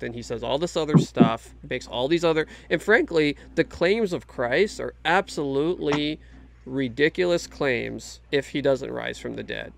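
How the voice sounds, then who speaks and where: A man's voice: mid-range voice, moderate pace, vocal fry, a little hiss or hum. A man talking casually and earnestly about his faith, emphatic and full of restarts. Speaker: Christian guest in a faith discussion. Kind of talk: casual conversation.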